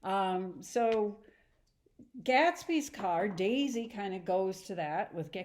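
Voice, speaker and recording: A woman teacher retelling a story in a chatty, animated lesson, acting out the scenes as she goes. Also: mid-range voice, slow pace. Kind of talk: casual lesson retelling a novel.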